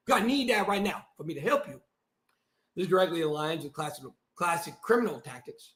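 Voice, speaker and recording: A man on a live stream, reading a document aloud and breaking into heated, shouted asides. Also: a little high, expressive, fairly quick, echoey room. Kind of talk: livestream monologue reading out a document.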